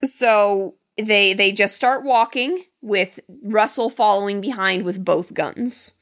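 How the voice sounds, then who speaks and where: A woman's voice: mid-range voice, slow pace, a bit bright. A woman casually retelling a film's plot in a chat, acting out characters' lines as she goes. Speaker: podcast co-host. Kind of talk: casual film recap chat.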